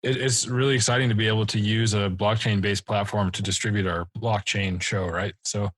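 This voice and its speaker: A man co-hosting a casual podcast, relaxed and jokey as he thanks a guest and chats. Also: lowish voice, brisk, a little hiss or hum. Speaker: podcast co-host.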